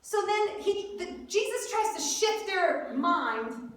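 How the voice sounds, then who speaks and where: A woman preaching an Easter sermon, telling the story in an animated way and acting out the lines of the people in it. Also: extremely high pitch, slow pace. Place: church hall. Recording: echoey hall, mic at a distance.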